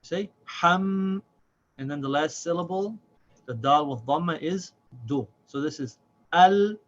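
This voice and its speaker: A man's voice: a little high, expressive. Patient male reading teacher, slightly muffled. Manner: patient, slow and deliberate, drawing out syllables. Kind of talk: step-by-step lesson. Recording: slightly dull audio with faint noise.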